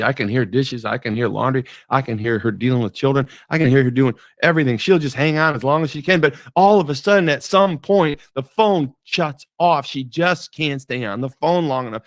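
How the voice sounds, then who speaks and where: A man's voice: mid-range voice, gravelly, dry recording. A man hosting a devotional talk, speaking emphatically and repeating his key phrases. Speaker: devotional podcast host.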